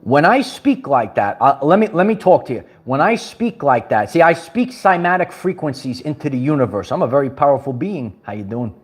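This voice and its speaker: A man's voice: medium pitch, very animated, a little fast, hardly any pauses, husky, faint music behind. A man from Brooklyn, talking to his viewers in an emphatic, preachy way and repeating his phrases. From Brooklyn, New York. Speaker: spiritual empowerment vlogger. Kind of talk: livestream motivational talk.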